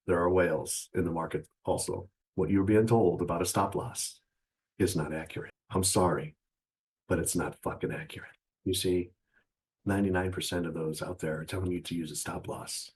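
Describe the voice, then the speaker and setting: Brief: low-voiced male host, mocking and profane, lectures viewers he calls traders. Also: darkish tone, poor audio. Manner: scornful and profane, laughs at his own jabs; keeps calling the viewer traders. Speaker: trading channel host. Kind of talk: mocking motivational rant to the viewer.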